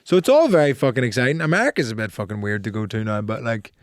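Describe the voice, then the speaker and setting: A male comedian talking as a guest in a casual chat, relaxed and self-deprecating, swearing casually. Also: medium pitch, fast talker, no room sound, studio quality.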